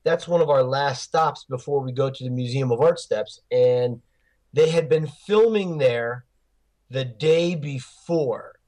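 A man who gives film tours, chatting in an interview as an animated storyteller with many fillers and restarts. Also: medium pitch, measured pace. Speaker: Rocky film tour guide. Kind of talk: casual interview chat.

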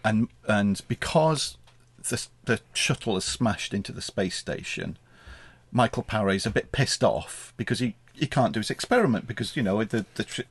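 Guy rambling through a film recap, husky voice, pitch jumps around a lot. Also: lively intonation, moderate pace, no room sound. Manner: wry, laughs often, rambling retelling. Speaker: podcast co-host. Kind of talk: casual chat reviewing a film.

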